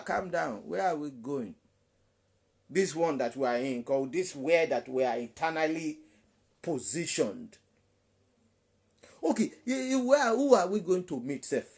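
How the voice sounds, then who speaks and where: A man with a Nigerian English accent, a gospel DJ, talks on a live online chat in an emphatic preaching style. His fairly high, slightly mellow voice repeats words and slips into Pidgin.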